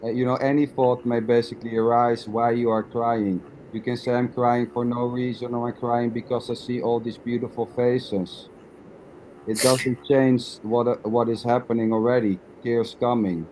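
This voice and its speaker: A man's voice: medium pitch, flat delivery, normal speed, darkish tone, rough recording. Guy on a video call guiding a spiritual chat, patient, stumbles into sentences, faint noise behind. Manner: patient, reasoning, stumbles on first words. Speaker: nondual teacher. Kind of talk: spiritual dialogue.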